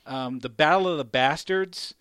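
A man hosting a casual chat, rambling and animated, swearing and laughing often. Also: fairly high pitch, moderate pace, clear, resonant tone, no echo, clean studio sound.

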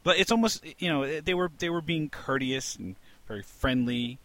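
A man from New York City co-hosting a casual podcast chat, telling stories in a rambling, animated way with plenty of swearing and laughter. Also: fairly high pitch, normal speed, no room sound. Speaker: podcast co-host.

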